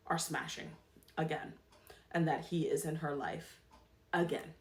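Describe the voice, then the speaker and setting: A woman talks through casual commentary as a podcast host, pressing her points and repeating them for stress. Her voice sits a little low, and the room around her is echoey. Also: steady tone, unhurried, long pauses. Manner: emphatic, repeats herself for stress.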